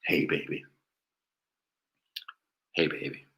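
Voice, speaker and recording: A man preaching who puts on a smooth-talking ladies' man, murmuring pickup lines in a deep, breathy voice. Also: slow pace, fairly bright tone. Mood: seductive.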